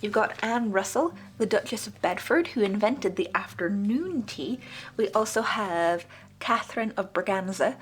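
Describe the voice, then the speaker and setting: A woman vlogging a casual magazine review, chatty and enthusiastic, her pitch jumping up when she gets excited. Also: moderate pace. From Britain. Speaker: book club vlogger.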